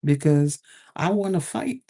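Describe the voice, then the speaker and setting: A woman hosting an advice talk, telling a personal story in a lively way and acting out the voices of the people in it. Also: deep voice, a little slow. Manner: animated, acts out quoted exchanges. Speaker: advice host.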